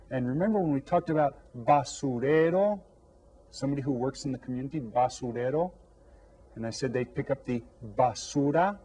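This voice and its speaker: Gentle, dark-voiced man teaching children. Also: medium pitch, rough recording. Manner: speaks slowly and clearly, asks questions and pauses for kids to answer. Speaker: elementary Spanish teacher. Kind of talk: scripted classroom lesson for children.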